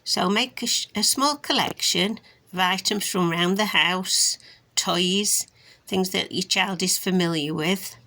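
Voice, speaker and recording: Slow gravelly woman explaining to parents. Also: on the low side, bright, forceful tone. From England. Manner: slow, careful modelling of words, exaggerated syllables. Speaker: speech and language therapist. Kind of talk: instructional demonstration for parents.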